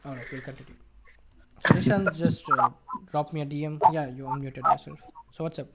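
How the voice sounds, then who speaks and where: A man teaching an online English exam class, coaching students and demonstrating word stress and pauses over a video call. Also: fairly high pitch, steady tone, heavy background noise.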